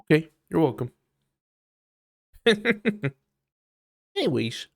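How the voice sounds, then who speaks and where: A man's voice: medium pitch, expressive, takes it slowly, long pauses. A man live-streaming while he sculpts, chatting casually and joking in a profane, mock-aggressive way.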